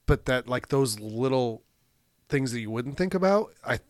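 A man's voice: medium pitch, expressive, normal speed, a little mellow, dry recording, studio quality. A man co-hosting a casual movie podcast, rambling, laughing often and swearing casually. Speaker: podcast co-host.

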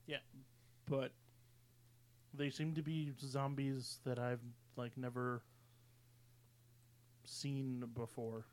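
A man's voice: mid-range voice, flat delivery, slow pace, long pauses, a little mellow. A man co-hosting a casual movie podcast, laid-back and dry, with plenty of fillers. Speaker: podcast co-host. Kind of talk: casual movie review chat.

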